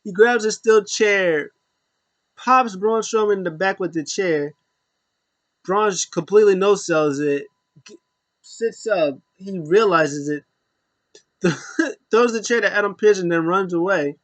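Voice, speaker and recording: A man's voice: sits high, unhurried, pauses often, fairly bright tone, no room sound. A man giving a loose, rambling recap of a wrestling show, full of fillers and asides. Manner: rambling, filler-heavy retelling. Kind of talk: casual recap chat.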